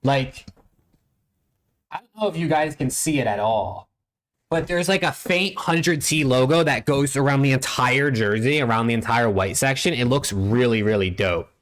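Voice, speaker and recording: A man's voice: medium pitch, moderate pace, a bit bright. A young man from the United States, hosting a live-stream watch party and chatting casually with his viewers, laid-back and profane, on a desk mic at home. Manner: laid-back, profane, talks to chat and reads out usernames.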